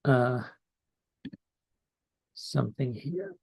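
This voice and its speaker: A man working as an astrologer, talking slowly and hesitantly with many pauses and fillers as he shares charts on a live stream. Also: medium pitch, animated, creaky, slightly rough. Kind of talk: slow casual live-stream talk. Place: home in California.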